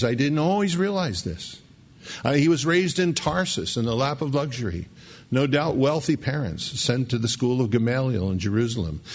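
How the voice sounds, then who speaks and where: Middle-aged guy preaching, punchy and emphatic, keeps repeating words, mid pitch. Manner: emphatic, repeats key words, frequent restarts. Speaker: pastor. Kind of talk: sermon.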